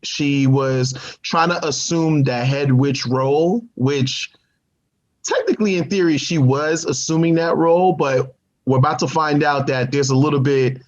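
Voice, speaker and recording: Male co-host, higher voice, energetic casual reviewer, lo-fi recording. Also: measured pace. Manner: animated, laughs often, repeats himself. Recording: dull lo-fi audio.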